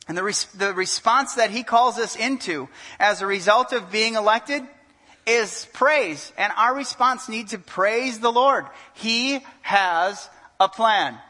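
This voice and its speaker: Man, pastor, lively sermon, high ringing voice, echoing church hall. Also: slow. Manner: animated preaching with audience questions and humor. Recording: long hall reverb.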